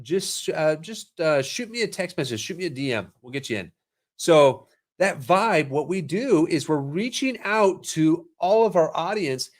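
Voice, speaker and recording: Upbeat male host on a marketing live stream, slightly high pitch, salesy and energetic. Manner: energetic, salesy, quick asides. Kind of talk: casual live-stream talk.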